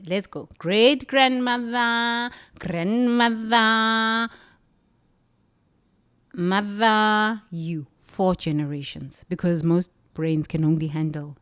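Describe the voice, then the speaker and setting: Her voice sits on the lower side and is slightly mellow as this South African speaker drives home an intense motivational talk, repeating phrases for emphasis. The recording is dry and studio-clean.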